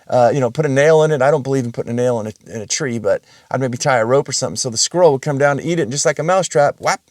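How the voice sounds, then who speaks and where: A man's voice: medium pitch, darkish tone, dry recording, clean studio sound. A man hosting his own podcast, talking casually and bluntly in a rambling solo monologue, swearing freely. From Russian family background. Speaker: podcast host.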